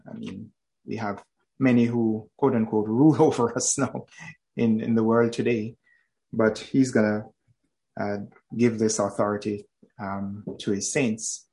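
A man leading a group bible discussion, speaking in a calm, affirming way. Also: lowish voice, low-quality recording.

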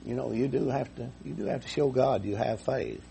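Speaking fairly quickly in a mellow, creaky mid-range voice, a preacher tells his congregation a homespun story in a folksy sermon. He repeats himself and chuckles at his own jokes, with slight background noise present.

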